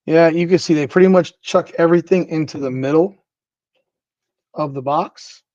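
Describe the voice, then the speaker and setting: A man hosting a casual card-opening video, rattling off names in quick offhand lists as he goes. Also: a little high, a little mellow, no room sound. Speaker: card-breaking host. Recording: dry, slightly dull recording.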